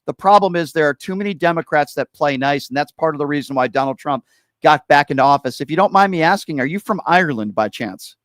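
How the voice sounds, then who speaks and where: Male talk radio host, fairly high voice, punchy and opinionated, dry close-miked studio. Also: no room sound. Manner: lively, opinionated, talks fast at times.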